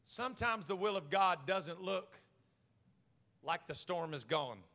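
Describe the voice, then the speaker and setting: A man pastor preaching a sermon, swinging from quiet talk to shouted calls to the congregation. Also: high voice, animated, a little slow, big-room sound. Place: church sanctuary.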